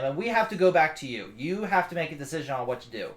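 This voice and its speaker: A man running a tabletop game, working out rulings out loud with quick restarts. His voice sits somewhat high for a man. The recording has a roomy echo. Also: sing-song. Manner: explains rules, thinks aloud with restarts. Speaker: game master.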